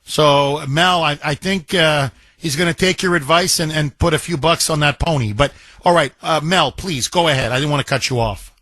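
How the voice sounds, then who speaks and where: A man's voice: fairly high pitch, normal speed, bright, forceful tone, no room sound. A man hosting a talk radio show, taking callers and giving emphatic commentary, stressing words by repeating them.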